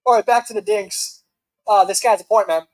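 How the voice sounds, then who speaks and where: A man's voice: sits high, moderate pace, low-quality recording. A man hosting a reaction video with sarcastic, mocking commentary. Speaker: host.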